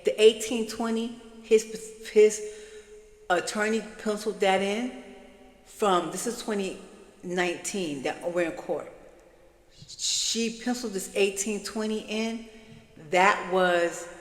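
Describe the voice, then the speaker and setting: A woman telling her story in a casual vlog, rambling and chatty, speaking straight to her viewers. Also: fairly low pitch. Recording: echoey room with long reverb.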